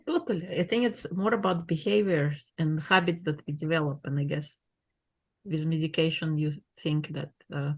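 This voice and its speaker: A woman hosting a podcast, encouraging her guest in casual talk with slightly uneven phrasing. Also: sits low. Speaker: podcast host.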